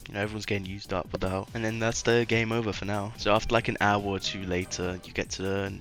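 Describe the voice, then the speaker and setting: Man, low voice, sarcastic rambling game commentary, mumbles, faint background music. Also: level tone, fast, a bit bright. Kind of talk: casual game commentary voice-over.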